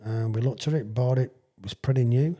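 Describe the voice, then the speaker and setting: A man's voice: mid-range voice, fairly quick, mellow. A man around sixty, a retired rugby league player telling rambling, chuckling stories as a podcast guest. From England. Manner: rambling, chuckling storyteller with frequent restarts. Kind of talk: casual storytelling anecdote.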